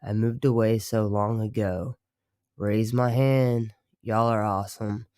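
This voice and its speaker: A man's voice: on the low side, fairly even intonation, takes it slowly, dark tone, no echo, clean studio sound. A young man from Baltimore chatting casually on a livestream, rambling and swearing with lots of fillers. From Baltimore, United States.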